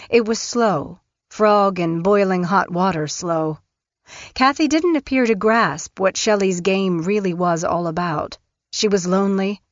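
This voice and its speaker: A woman narrating an audiobook in a measured, even way. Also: medium pitch, no echo. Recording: dull, dry studio recording.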